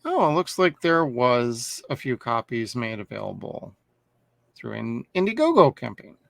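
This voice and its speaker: Very animated and speaking at a measured pace, this podcast co-host has a creaky, fairly bright mid-range voice. He chats casually about a horror film, profane, relaxed, and laughing often. The recording is dry and studio quality.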